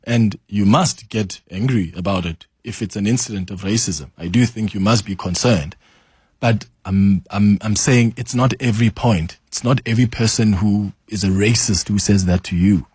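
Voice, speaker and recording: A man's voice: lowish voice, normal speed, a little mellow, breathy edge, no room sound, studio quality. A South African man hosting a talk radio call-in show, conversational and affirming as he moderates callers. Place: radio studio.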